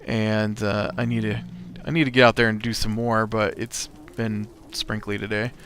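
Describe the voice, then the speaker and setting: A man's voice: lowish voice, level tone, normal speed, a bit bright, slight background noise. A man hosting a let's play, telling a rambling story full of uhs and restarts with a wry edge while he plays. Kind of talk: casual storytelling while playing a game.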